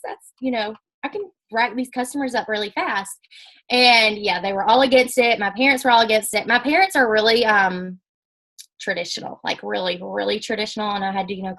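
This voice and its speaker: A young woman with a somewhat high voice tells her story to a business audience. She talks in a chatty, animated way and acts out the lines people said to her. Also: poor audio. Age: young adult. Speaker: network marketing speaker. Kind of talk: casual storytelling talk.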